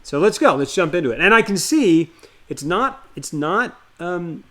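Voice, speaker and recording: A man's voice: high voice, very animated, moderate pace, fairly bright tone. A man streaming live, chatting loosely with viewers and greeting them by name before reading a horror story aloud.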